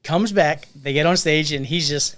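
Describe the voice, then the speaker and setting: Podcast co-host, male, slightly higher voice, animated storyteller who jumps into character voices. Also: normal speed. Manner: animated, acts out quotes in other voices. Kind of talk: casual storytelling chat.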